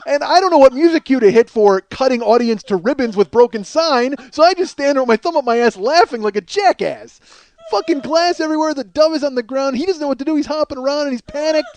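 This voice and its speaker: A man's voice: extremely high pitch, animated, quick pace, darkish tone. A man telling a comic story on a podcast, swearing freely and laughing through it. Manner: profane, laughs through his own story. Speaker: comedian host. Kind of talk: comedic storytelling monologue.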